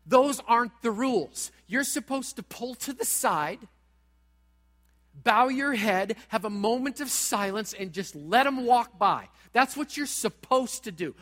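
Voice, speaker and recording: A pastor preaching a sermon in a church, talking straight at the congregation in a dramatic way. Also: male voice, high voice, a bit bright, in a large hall. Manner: dramatic, direct, acts out quoted voices.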